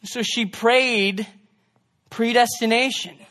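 Young male preacher, high voice, casual sermon delivery with loud peaks and soft asides. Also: steady tone, slow. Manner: conversational preaching, swings between loud emphasis and hushed asides. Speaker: pastor.

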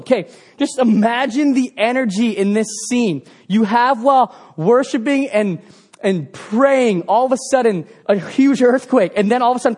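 A man with a high voice preaches a sermon, acting out the story with sound effects of his own. He swings between loud, excited bursts and hushed, quiet passages. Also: moderate pace.

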